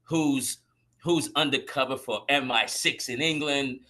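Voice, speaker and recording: A man sitting in on a podcast panel, talking in a loose, rambling way full of "you know" and "right?" asides. His voice has a very bright, sharp edge. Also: mid-range voice, unhurried. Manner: rambling, many fillers like "you know" and "right?", laughs at his own points. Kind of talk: casual panel discussion.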